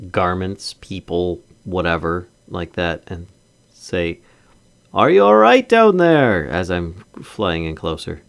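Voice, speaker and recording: A man playing in a tabletop game, chatty, laughing easily and asking lots of questions. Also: low voice. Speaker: player. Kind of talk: casual tabletop role-play.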